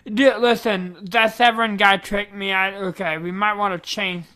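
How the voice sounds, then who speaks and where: A man with a noticeable lisp chatting on an online show, often pausing on "um". His voice is bright and forward, and his mic connection sometimes turns robotic and glitchy. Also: high-pitched, flat delivery, smooth. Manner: hesitant, lots of "um". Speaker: co-host. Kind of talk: casual podcast chat.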